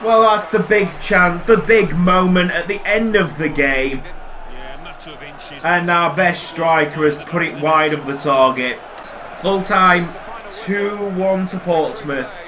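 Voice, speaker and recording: A young man commentating his football video game, excitable and quick to swear and shout at near misses. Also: high-pitched. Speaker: gaming commentator. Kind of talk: casual gameplay commentary. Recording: crowd noise from game audio.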